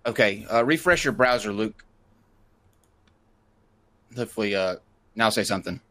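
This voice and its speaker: A man's voice: lowish voice, animated, normal speed, sharp tone. A man hosting a live online show, giving step-by-step instructions and joking along the way. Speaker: host.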